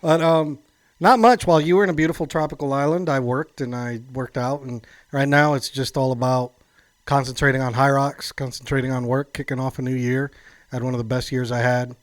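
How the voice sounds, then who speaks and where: A man's voice: medium pitch, fairly even intonation, fairly quick, no echo. A man co-hosting a podcast, talking in an upbeat, emphatic way. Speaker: podcast co-host. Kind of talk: casual chat.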